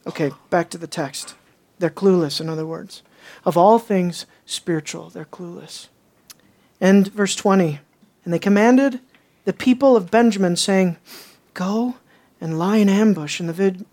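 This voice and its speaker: A woman pastor preaching a sermon, telling stories and acting out the people in them. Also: normal speed. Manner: animated storytelling, acts out characters with jumps in pitch.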